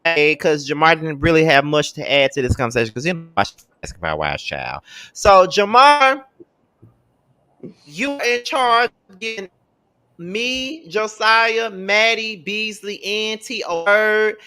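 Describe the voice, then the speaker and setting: A woman's voice: mid-range voice, sing-song, a little slow, sharp tone. A woman hosting a casual group chat who is a little tipsy, talking loosely and laughing often. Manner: sings snippets and laughs a lot. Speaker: podcast host.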